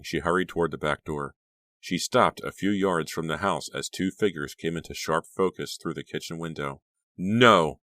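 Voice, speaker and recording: A man's voice: very deep voice, a bit bright, no room sound, clean studio sound. A man narrating a horror novel as an audiobook, in a dramatic, suspenseful reading. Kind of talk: scripted narration.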